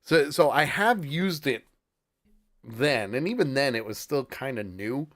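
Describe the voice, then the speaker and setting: Lively-pitched chatty man hosting a stream. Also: measured pace. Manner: chatty, laughs often, trails off while searching. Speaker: podcast host. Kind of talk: casual live-stream chat.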